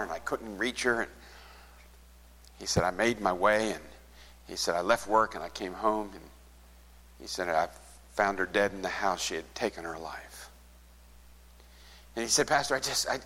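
A man's voice: fairly low pitch, long reverb tail. A man preaching as a pastor, retelling a conversation and acting out both speakers, dropping to a near whisper at the saddest parts. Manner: retells a conversation, acting out both sides, softening to a hush at sad moments. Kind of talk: sermon storytelling.

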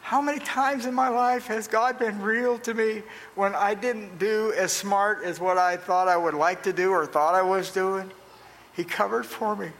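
A male pastor from Pennsylvania preaching a sermon, telling folksy stories, booming on emphasis and dropping to quiet asides. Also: steady tone, normal speed, big-room sound, poor audio.

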